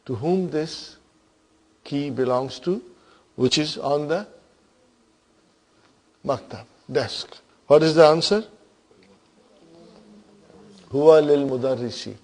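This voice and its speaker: Guy teaching arabic grammar to a class, slow and patient, keeps checking in with students. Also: on the high side, darkish tone.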